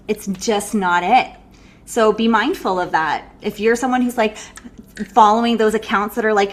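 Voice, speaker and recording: A woman breathwork coach giving an animated, casual live online workshop, swearing freely and laughing often. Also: medium pitch.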